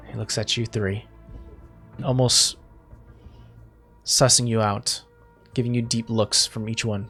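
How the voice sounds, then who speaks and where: A man's voice: lowish voice, flat delivery, slow, pauses often, bright, forceful tone. Man narrating a tabletop game, music behind. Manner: rambling description full of fillers and restarts. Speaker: game master.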